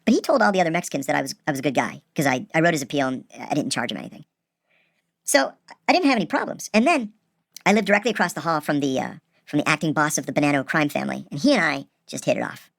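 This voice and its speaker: A man casually telling a personal story, animated and acting out the people he quotes. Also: fairly high pitch, quick pace, creaky, no room sound, studio quality. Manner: animated, acts out quoted voices.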